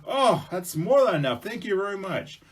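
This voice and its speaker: A man voicing a tiny, stubborn little man in a spoken folk tale, squeaky and unhurried. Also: big pitch swings, husky, full character voice. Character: tiny stubborn old man in a river hut.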